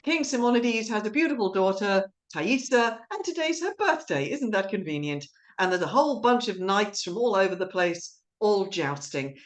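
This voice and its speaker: A woman's voice: mid-range voice, sing-song. Chatty woman hosting a live stream. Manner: rambling, chatty, quick laughs. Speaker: director and host of an online play reading. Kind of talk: casual live-stream chat.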